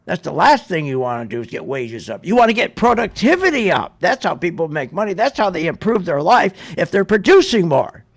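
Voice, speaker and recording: Ranting man with a gravelly, high voice. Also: big pitch swings, fairly quick, few pauses. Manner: ranting, sarcastic, mocks others in put-on voices. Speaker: radio show host. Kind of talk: opinionated market commentary.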